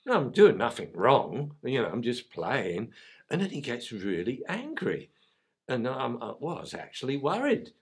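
A man's voice: mid-range voice, huge pitch swings, measured pace, breathy edge, full character voice. A man doing a worried London puppy dog. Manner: anxious, rambling, earnest.

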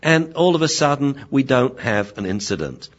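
A man, a veterinarian and dog trainer, explaining dog behavior in a lively storytelling manner. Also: medium pitch, moderate pace. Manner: lively storytelling, acting out scenes. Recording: dull lo-fi sound.

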